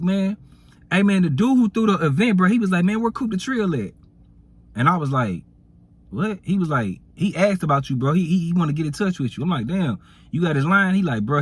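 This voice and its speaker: Brief: man, storyteller, husky voice, slangy, rambling, acts out the dialogue. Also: mid-range voice. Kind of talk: casual storytime.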